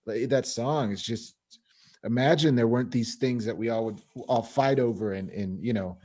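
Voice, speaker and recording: Laid back musician guy chatting as a guest, mid pitch voice. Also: normal speed, darkish tone. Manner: easygoing, laughs along. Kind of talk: casual interview chat.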